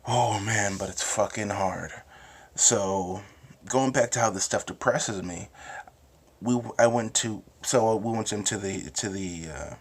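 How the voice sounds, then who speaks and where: A young man with a New Jersey accent talks in a loose, meandering monologue, cursing freely and circling back on himself. His voice sits somewhat low. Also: a little slow, breathy edge. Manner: rambling, restarts, profane. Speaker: host. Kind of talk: casual monologue with frequent swearing.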